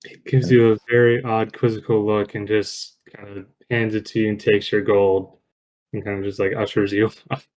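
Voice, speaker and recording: Casting: easygoing dungeon master, mellow voice, lots of "um"s, a man. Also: lowish voice, moderate pace, rough recording. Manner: relaxed, filler-heavy narration. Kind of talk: narrating a tabletop game online.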